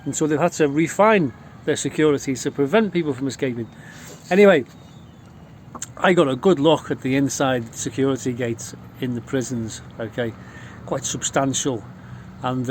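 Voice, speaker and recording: A man's voice: medium pitch, a little hiss or hum. Swearing Liverpool man spinning yarns. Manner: swears constantly, rowdy and boastful. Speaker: vlogger telling stories. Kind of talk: casual storytelling.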